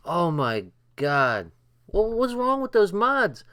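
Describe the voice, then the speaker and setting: A man's voice: sits high, slow. An older man hosting a late-night livestream, laughing hard and swearing a lot as he reacts to a show. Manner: laughing, profane, excitable. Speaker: livestream host.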